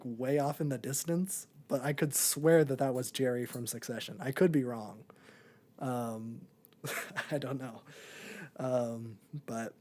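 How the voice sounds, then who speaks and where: A man's voice: mid-range voice, darkish tone. Man, young adult, podcast co-host, casual chat, rambling, filler-heavy, laid-back. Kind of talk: casual movie review chat.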